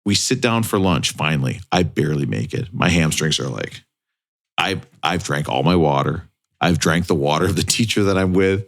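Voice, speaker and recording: A man's voice: a bass voice, animated, normal speed. A man in his twenties, a podcast co-host, telling a long story in a casual, self-mocking way with plenty of swearing. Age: 20s.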